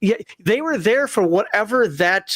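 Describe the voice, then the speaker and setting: High-voiced man in his fifties, chatty. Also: expressive, moderate pace, a bit bright, no room sound, studio quality. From Minnesota, USA. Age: 50s. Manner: rambling, jokey, laughs at his own asides. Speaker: podcast panelist. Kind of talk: casual panel chat.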